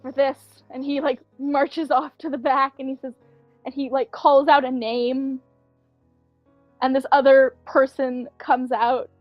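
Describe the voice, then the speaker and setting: High-voiced woman game master. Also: flat delivery, measured pace, no room sound, dull audio, soft background music. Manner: casual, hesitant with fillers. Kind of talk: narrating a tabletop game.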